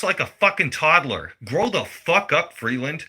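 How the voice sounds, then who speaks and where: A man, ranting bluntly and heatedly, swearing freely. His voice is sharp and forceful, sitting a bit higher than most men's. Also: sing-song, a little slow, hardly any pauses, slightly rough. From Canada. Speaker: vlogger. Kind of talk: profane political rant.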